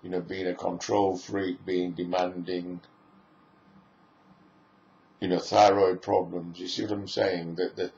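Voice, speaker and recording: Man, lecturer, deep gravelly voice, musing list-like delivery, echoey room recording. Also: flat delivery, measured pace, long pauses, darkish tone. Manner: musing, piles up lists of phrases. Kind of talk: spoken lecture. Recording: echoey room, dull lo-fi sound.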